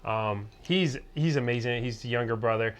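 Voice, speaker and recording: A man's voice: mid-range voice, moderate pace. A man hosting a casual podcast, giving his opinionated take on a series, often hedging with "I felt like" and restarting his sentences. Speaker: podcast host. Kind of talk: casual podcast review chat.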